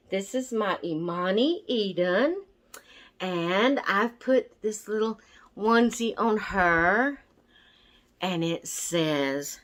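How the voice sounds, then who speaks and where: A woman's voice: mid-range voice, animated. A woman chatting casually to camera as a vlogger, a little out of breath from asthma and easily sidetracked. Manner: slow, chatty, easily distracted. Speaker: doll channel vlogger.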